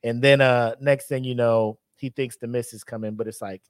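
A man co-hosting a podcast in casual chat, animated storytelling that breaks into loud acted-out voices. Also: medium pitch, normal speed, no echo. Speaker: podcast co-host.

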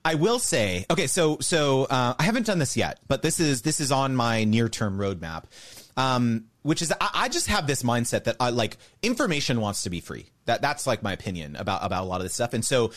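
A man being interviewed on a podcast, explaining step by step in an animated way. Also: mid-range voice, brisk. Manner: animated, explains step by step, mimics others' voices. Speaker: guest, creator business educator.

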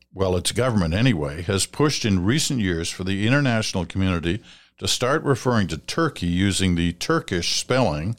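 A man hosting a listener feedback segment on radio, talking in a measured, advising way with some fillers and restarts. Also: low-pitched, lively intonation. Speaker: radio host reading listener letters. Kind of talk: conversational radio commentary.

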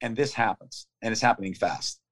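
A man in his fifties being interviewed, telling a story in urgent, clipped phrases that come out in a fast play-by-play. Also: on the low side, a bit bright. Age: 50s. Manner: vivid, urgent play-by-play retelling of combat. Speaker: interview guest. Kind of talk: conversational storytelling.

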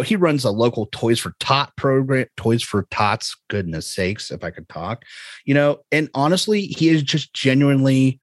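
A man's voice: mid-range voice, no room sound. American man, podcast co-host, loose joking ramble, dry close-miked sound. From United States. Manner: rambling, jokey, laughs often. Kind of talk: casual chat.

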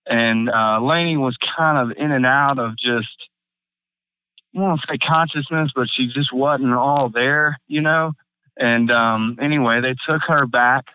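A young adult man tells a hard personal story in a halting, emotional way, with many fillers and restarts, close to tears. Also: medium pitch, smooth, no room sound. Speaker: guest. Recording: phone-like narrow band, dry.

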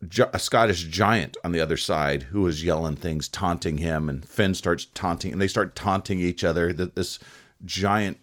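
A man hosting a casual podcast, retelling an old legend with wry, deadpan jokes. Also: low voice, normal speed. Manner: joking, wry, deadpan asides. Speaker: podcast co-host telling a legend. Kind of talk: casual storytelling chat.

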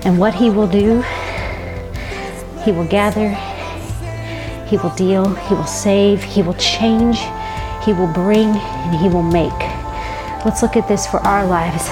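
A woman delivers a sermon at an unhurried, deliberate pace, earnest and reflective, with the odd soft laugh. Her voice sits at a middle pitch. Music plays clearly underneath her. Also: steady tone. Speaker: preacher.

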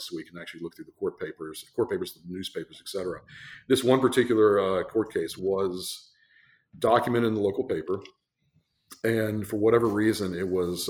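A man's voice: sits low, darkish tone. A man who is a guest from a brewery, telling an amused, rambling anecdote with many fillers. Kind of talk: casual storytelling.

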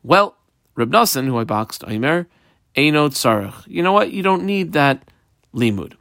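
A man leads a Talmud study lesson, his pitch rising and falling widely as he sing-songs the text. He slows on each phrase, then rushes through a chatty English explanation. The recording is close and dry. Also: big pitch swings, creaky, a bit bright, dry recording. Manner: reads Aramaic phrases slowly and sing-song, then translates quickly in English; conversational explaining with fillers. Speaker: Talmud teacher.

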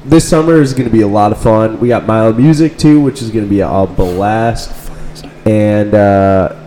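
A man's voice: on the low side, moderate pace, a crowd in the background. A man co-hosting a podcast, talking in enthusiastic, slangy casual chat. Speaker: podcast co-host. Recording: noisy recording.

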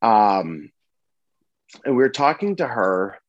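A man in his thirties telling a personal story with earnest, halting speech full of restarts and fillers. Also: fairly low pitch, very animated, dry recording, lo-fi sound. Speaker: interview guest sharing a personal story.

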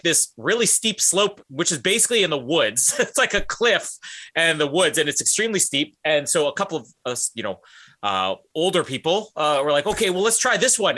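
A man co-hosting a podcast, telling a story in a casual, animated way and laughing often. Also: on the high side. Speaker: podcast co-host.

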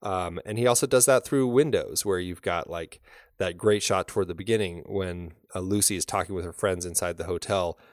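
A man co-hosting a podcast, talking through a film in a relaxed, rambling way with many fillers and restarts. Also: deep voice, fairly quick, dry recording, clean studio sound. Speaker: podcast co-host. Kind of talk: casual film discussion.

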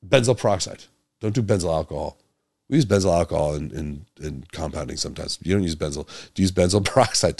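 A man's voice: vocal fry, dry recording. A man hosting a medical podcast alone, talking with passion, stumbling over repeated words and firing rhetorical questions. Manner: grows louder and higher when exasperated. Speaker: podcast host, doctor. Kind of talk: solo podcast monologue.

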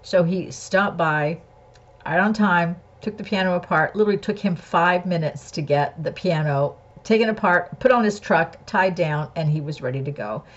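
A woman's voice: lowish voice, normal speed, muffled recording. A woman earnestly recounting a personal story and drawing a spiritual lesson from it, speaking candidly.

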